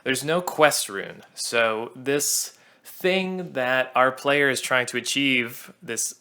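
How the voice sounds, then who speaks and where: Bright-voiced man giving casual commentary. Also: medium pitch, takes it slowly. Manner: chatty, laughs at his own jokes, self-deprecating. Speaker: songwriter commenting on his own musical.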